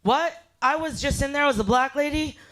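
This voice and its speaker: A woman doing a stand-up comedy set, brash and profane, telling a story with loud voiced asides. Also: high voice, fairly quick. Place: live fundraiser show.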